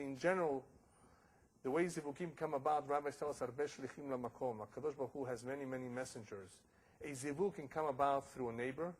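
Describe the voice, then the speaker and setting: A man's voice: fairly high pitch, poor audio. A man giving a religious lecture as a rabbi, telling stories and sprinkling in Hebrew and Yiddish terms.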